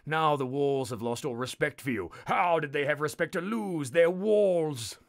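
A man's voice: fairly high pitch, a little slow, creaky. A man hosting a live text adventure game, narrating in a sardonic, mock-menacing, sweary way.

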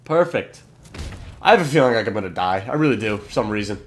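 A young man hosting a gaming channel, giving excitable commentary over his match, swearing and yelling at kills. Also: on the low side, fast. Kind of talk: gameplay commentary.

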